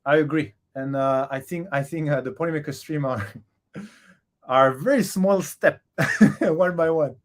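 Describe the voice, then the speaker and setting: A man with a fairly high voice hosts a relaxed live Q&A stream. He reads viewer comments aloud and answers them off the cuff. He hesitates often, restarts his sentences and chuckles now and then. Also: unhurried.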